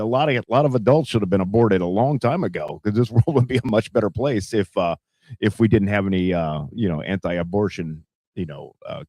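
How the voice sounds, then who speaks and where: A man rambles through casual news commentary with plenty of fillers and cursing. His voice is low and mellow. The recording is dry and close. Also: dry recording. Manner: profane, rambling, heavy fillers. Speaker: podcast host.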